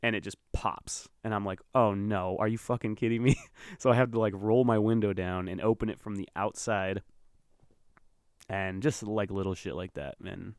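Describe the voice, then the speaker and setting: Profane rambling man, smooth low voice. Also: dry recording. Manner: rambling, profane storytelling with fillers. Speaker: podcast host. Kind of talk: casual monologue.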